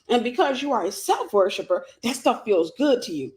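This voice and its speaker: Woman preacher, emphatic and repetitive, slightly high voice, Bible teaching. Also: expressive, moderate pace, hardly any pauses, darkish tone. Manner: emphatic, repetitive, calls out to listeners. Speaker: minister teaching a lesson. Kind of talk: sermon-style Bible lesson.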